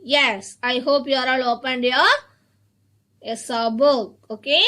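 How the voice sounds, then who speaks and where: High bright-voiced lady teacher doing phonics online, drags every word out slow and repeats it. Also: steady tone. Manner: slow, sounds words out and repeats them; addresses children warmly as "my dear children". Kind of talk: online phonics lesson for young children.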